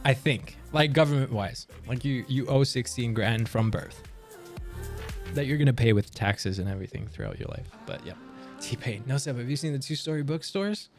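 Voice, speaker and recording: A young man from Canada talking casually on a livestream, reading and answering chat with animated, joking surprise. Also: medium pitch, normal speed, soft background music. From Canada, near Montreal. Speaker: livestream streamer.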